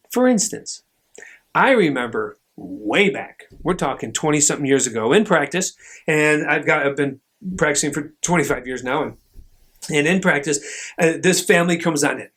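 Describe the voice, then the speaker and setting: A middle-aged man with a somewhat high voice gives a motivational talk. He tells his stories with emphasis and acts out the voices. His pitch swings widely. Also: expressive, brisk, fairly bright tone. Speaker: podcast host, chiropractor.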